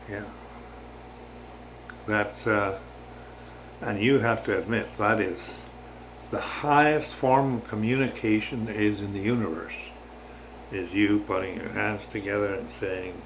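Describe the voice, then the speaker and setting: Older-sounding gravelly guy, slow and halting, faint hiss behind him. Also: fairly low pitch. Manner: slow, halting, with many restarts and fillers. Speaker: religious vlogger. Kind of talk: casual spiritual reflection to camera.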